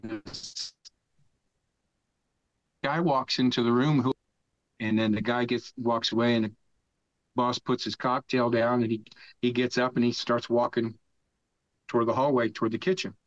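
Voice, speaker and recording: A man's voice: mid-range voice, flat delivery, normal speed, pauses often, no echo. Older man telling a profane story. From United States. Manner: profane, rambling storyteller who laughs mid-story. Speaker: podcast guest. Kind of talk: casual storytelling. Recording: dull lo-fi dry sound.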